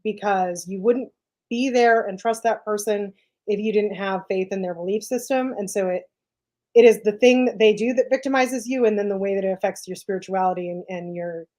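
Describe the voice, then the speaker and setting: A woman's voice: mid-range voice, fairly quick, darkish tone. A woman co-hosting a conversational podcast, talking through ideas in a loose, chatty way. She leans on "like" and "right?" often and circles back as she thinks. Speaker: podcast co-host. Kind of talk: casual discussion.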